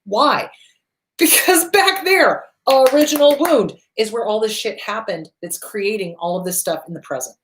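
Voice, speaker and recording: A woman's voice: fairly high pitch, expressive, normal speed, a bit bright, a little hiss or hum. A woman therapist hosting an advice talk, blunt and profane, hammering points home with emphatic repetition. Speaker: therapist and show host. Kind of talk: direct-to-camera advice talk.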